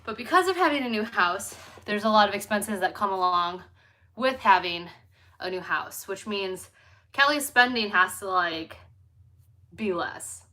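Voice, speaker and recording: A woman's voice: medium pitch, animated, unhurried, bright, forceful tone, slight background noise. A woman chatting casually and candidly to her viewers at home, filming herself on a phone set on a tripod. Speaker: lifestyle vlogger. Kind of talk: casual chat to camera.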